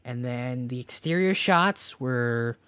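A man's voice: mid-range voice, slow, smooth, dry recording. A Canadian man co-hosting a podcast, chatting casually and joking with a friend. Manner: joking, animated. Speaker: podcast co-host. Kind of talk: casual chat.

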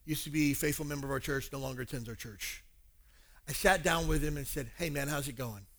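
A male pastor preaching a sermon, animated and acting out dialogues. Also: on the high side, fast.

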